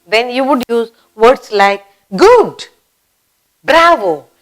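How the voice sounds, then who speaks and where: A woman teaching a basic grammar lesson for children. She speaks slowly, repeats key words and acts out example exclamations. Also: a little high, very animated, low-quality recording. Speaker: English teacher.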